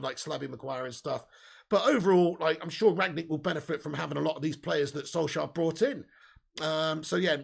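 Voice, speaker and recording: A man's voice: high-pitched, creaky. A man hosting a football fan live stream, chatting casually, giving opinionated takes and reading out viewer comments. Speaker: football fan channel host.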